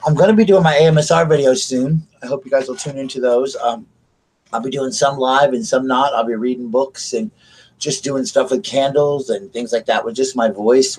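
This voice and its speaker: A man's voice: medium pitch, a little fast, a little mellow, a little hiss or hum, poor audio. A man, rambling and chatting with viewers on a casual live stream from his bedroom. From South Carolina, USA. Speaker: vlogger. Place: home bedroom at night.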